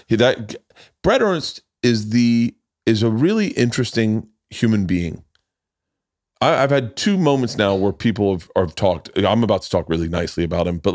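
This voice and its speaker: A man's voice: on the low side, darkish tone, dry recording, studio quality. Rambling, swearing man telling stories. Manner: rambling storyteller, swears freely, acts out quotes. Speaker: podcast host. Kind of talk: casual chat.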